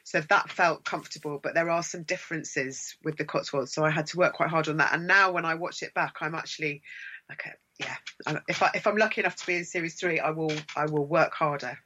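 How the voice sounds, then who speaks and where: A woman's voice: sits low, fairly quick, sharp tone, dull audio. A woman from Sussex, an actress guest chatting enthusiastically in an interview, rambling with restarts. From Sussex, England. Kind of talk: casual interview chat.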